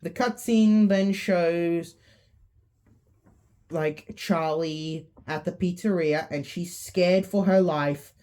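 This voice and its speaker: A woman's voice: fairly low pitch, takes it slowly, warm tone. A woman casually narrating a fan story in a loose way, with fillers.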